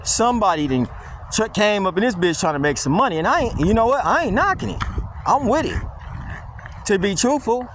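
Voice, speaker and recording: A man filming a casual vlog on a windy wooded walk with his dog, talking in a blunt, mocking, slangy rant. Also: sits high. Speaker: dog vlogger. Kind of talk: casual walking vlog monologue.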